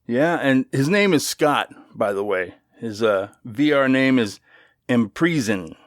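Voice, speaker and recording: A man's voice: medium pitch, animated, measured pace, dry recording, studio quality. A middle-aged man hosting his own podcast, telling a story in a loose, chatty way with swearing and asides. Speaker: podcast host. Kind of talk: casual storytelling monologue.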